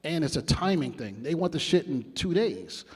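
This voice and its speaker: A man's voice: on the high side, very animated, moderate pace, darkish tone, slightly rough. Blunt, swearing New man. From New York. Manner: blunt and heavily profane, acts out quotes. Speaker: interview guest, music producer. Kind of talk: casual interview storytelling.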